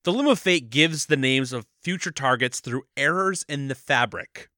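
A man with a bright, clear voice and a lively, bouncing delivery, trading jokes as he walks through a movie's plot. He laughs easily and keeps the chat loose and playful. The sound is close and dry, with no room around it. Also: mid-range voice, normal speed, no echo. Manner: joking, laughs often, slips into mock voices. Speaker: podcast co-host.

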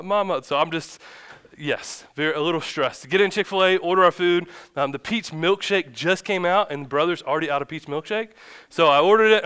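Smooth-voiced pastor telling a funny story. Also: male voice, a little high. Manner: chatty, self-deprecating, animated when acting out the story. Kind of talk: conversational sermon with humorous storytelling. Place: church sanctuary.

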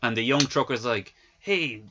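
A man co-hosting a casual film-review chat, telling stories in an animated way and cursing freely. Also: mid-range voice, brisk, highs cut off, background noise. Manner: animated, profane storytelling. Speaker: podcast co-host.

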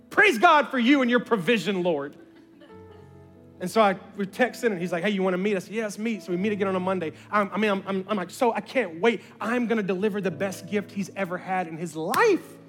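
A male pastor telling a story from the pulpit in an animated way, acting out conversations with bursts of excitement. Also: high-pitched. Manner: animated, acts out dialogue with rising excitement. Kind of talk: sermon storytelling.

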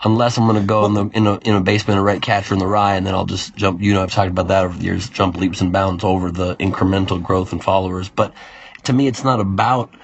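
A man's voice: low voice, steady tone, fast, breathy edge, muffled recording. A man hosting a podcast, chatting in a joking, self-deprecating, rambling way. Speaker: podcast host. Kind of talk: casual comedic podcast chat.

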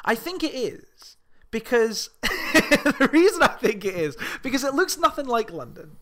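A man's voice: very high voice, big pitch swings, a little slow, pushed and bright. A man co-hosting a casual film podcast, rambling off on tangents and laughing often. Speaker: podcast co-host.

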